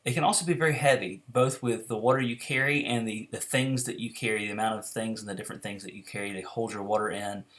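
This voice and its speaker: A man's voice: on the low side, steady tone, fast, few pauses, a bit bright. Chatty man explaining his hiking gear. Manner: chatty, rambling with fillers and restarts. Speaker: backpacking vlogger. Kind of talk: casual how-to video talk.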